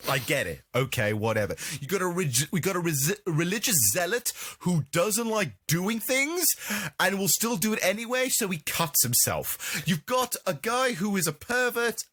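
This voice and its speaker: A man co-hosting a podcast, reviewing a movie in casual chat with a mocking, animated manner. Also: sits high, moderate pace, dry recording, studio quality. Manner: animated, mocking, slips into jokey impressions. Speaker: podcast co-host.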